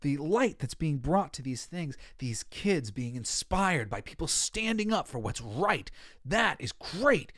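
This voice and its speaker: A man hosting a podcast and giving casual, emotional commentary. He swings between soft, heartfelt stretches and loud, excited bursts. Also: on the high side, measured pace, dry recording, studio quality. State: tearful. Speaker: podcast host.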